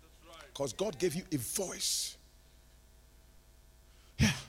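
A male preacher giving a sermon, moving from quiet talk to shouted, sing-song preaching. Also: high voice, lively intonation, takes it slowly. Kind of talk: sermon at a conference.

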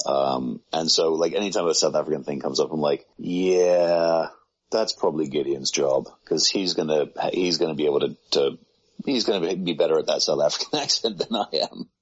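Male voice actor, extremely low, breathy-husky, rambling self-deprecating chat. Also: fairly quick. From United Kingdom. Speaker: voice actor guest. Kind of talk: casual conversation. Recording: muffled low-fidelity sound.

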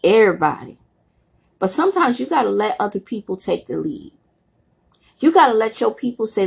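A woman's voice: medium pitch, big pitch swings, a little fast, vocal fry, long pauses, slightly rough. A middle-aged woman with a cold giving a blunt, casual motivational talk, preaching in everyday slang. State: voice roughened by a cold. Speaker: motivational speaker.

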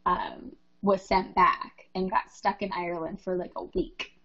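A woman's voice: fairly low pitch, fairly even intonation, a little slow, vocal fry, a bit bright. A woman in her thirties from Minnesota, chatting casually with lots of likes and ums. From Minnesota, USA. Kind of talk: casual chat. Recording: dull lo-fi audio.

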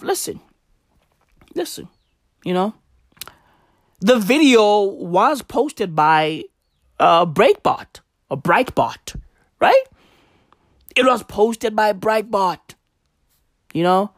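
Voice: mid-range voice, no echo, studio quality. A vlogger from Africa, ranting casually to camera in a profane, emphatic way and repeating points for effect. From South Africa.

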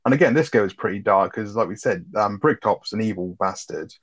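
A brisk, fairly low-pitched male voice belongs to a film review podcast co-host. He chats casually, summarizing the plot in a relaxed way and swearing freely. The audio is dull lo-fi.

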